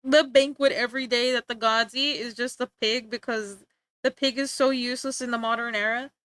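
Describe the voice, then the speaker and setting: A woman's voice: a little high, steady tone, a little fast, fairly bright tone, no echo. A young woman streaming live, rambling and joking in casual chat with frequent laughter.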